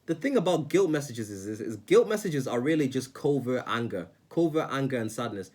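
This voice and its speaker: A man's voice: mid-range voice, expressive, fairly quick, a little mellow. A man giving self-help advice in a casual, earnest monologue, often repeating words and restarting sentences.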